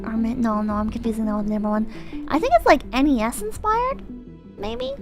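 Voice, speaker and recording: High, lively young woman streamer. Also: brisk. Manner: rambling and self-conscious, heavy use of "like". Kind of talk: casual chat, reading viewer comments. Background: background music.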